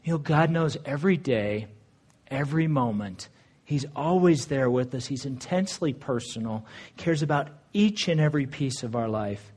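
Male pastor, slightly high voice, earnest conversational sermon with scripture readings. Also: normal speed, a little mellow, slightly rough. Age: adult, married.

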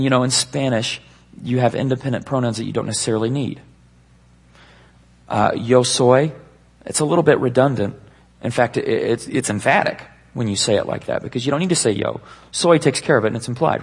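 A man preaching a sermon to a live congregation, with an emphatic, slow, dramatic delivery. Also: mid-range voice, slightly rough.

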